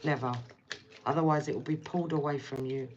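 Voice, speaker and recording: A woman's voice: low voice, fairly even intonation, brisk, dull audio, slight background noise. A woman giving a casual tarot reading, speaking bluntly and repeating herself as she addresses the viewer directly. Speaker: tarot reader.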